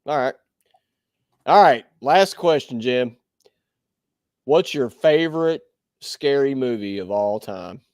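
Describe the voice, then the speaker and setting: A man co-hosting a podcast in casual chat, animated and laughing, swearing freely. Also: mid-range voice, slow pace, long pauses, clean tone, no room sound, clean studio sound. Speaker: podcast co-host.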